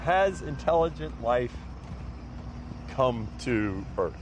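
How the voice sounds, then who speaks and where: A man's voice: medium pitch, sing-song, slow pace, noisy background. Talkative man from New Orleans. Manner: talkative, explains ideas at length. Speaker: podcast guest. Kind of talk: casual chat.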